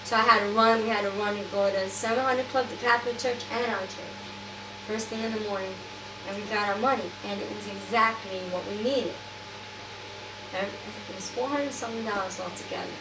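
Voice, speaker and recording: A woman telling a personal church testimony in an animated way, acting out what people said. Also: mid-range voice, a little fast. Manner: animated storytelling, acting out quotes. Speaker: church member giving testimony. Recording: echoey room, far from mic, noisy.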